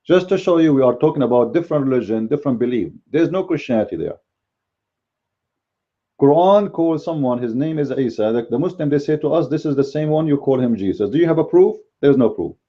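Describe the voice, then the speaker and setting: A man with a very deep, mellow voice whose first language is Arabic, arguing in a blunt and combative way. He delivers casual commentary on a dull, lo-fi recording. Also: lively intonation, brisk. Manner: blunt and combative, speaks bluntly by his own account. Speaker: Christian apologetics commentator.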